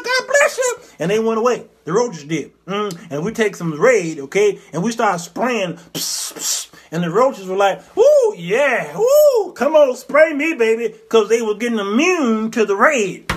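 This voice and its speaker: High-voiced man telling comic stories. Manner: animated storyteller who acts out voices and sound effects. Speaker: show host. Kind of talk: comedic commentary monologue.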